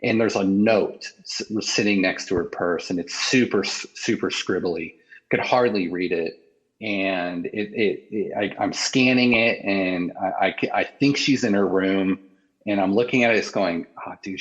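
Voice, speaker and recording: A man in an interview, telling a painful personal story in a halting, emotional way with many restarts. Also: lowish voice, slightly rough, rough recording.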